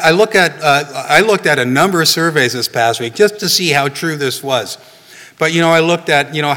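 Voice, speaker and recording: A man's voice: a little high, pushed and bright. A male pastor giving a sermon in a conversational way, often adding "you know" and "right?" to what he says. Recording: long reverb of a hall.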